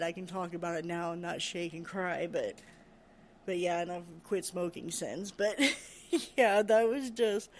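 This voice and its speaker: A woman recounting a frightening experience from her care work, halting, repeating words and laughing nervously. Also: lowish voice, a little mellow. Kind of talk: personal storytelling.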